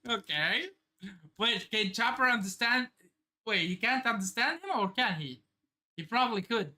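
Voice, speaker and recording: Animated man reacting live to a manga chapter. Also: sits high, moderate pace. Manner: excitable, swears, narrates pages aloud.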